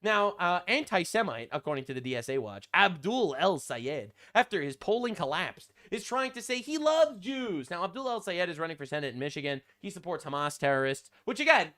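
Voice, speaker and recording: Male channel host, high lively voice, bright and sharp, sarcastic mocking commentary. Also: fairly quick, hardly any pauses. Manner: mocking, deadpan sarcasm with frequent fillers.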